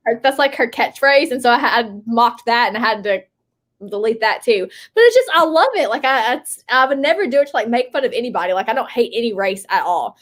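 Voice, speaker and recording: A woman's voice: on the high side, animated, fairly quick, fairly bright tone. A woman co-hosting a casual livestream, chatty and giggly, rambling through stories with lots of laughter. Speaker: livestream co-host. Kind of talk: casual live chat.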